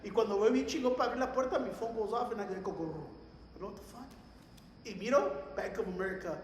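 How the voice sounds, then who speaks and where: A man's voice: high-pitched, racing, a little hiss or hum. A young man, telling stories on a casual podcast in a profane mix of English and slang. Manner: animated storyteller mixing English and Spanish slang, profane. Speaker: podcast co-host. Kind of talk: casual chat. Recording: echoey room, long reverb.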